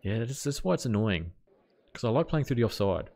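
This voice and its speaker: A man's voice: mid-range voice, very animated, a little fast, darkish tone. A man from New Zealand with a Kiwi accent, live-streaming a game and chatting casually while reacting to play and answering viewer messages. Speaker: gaming streamer. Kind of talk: casual live-stream chat over gameplay.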